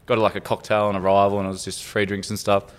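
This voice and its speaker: A man's voice: fairly low pitch, completely flat delivery, fast talker. Rambling, swearing Australian man. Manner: rambling, full of swearing and filler words. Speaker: podcast co-host. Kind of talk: casual chat.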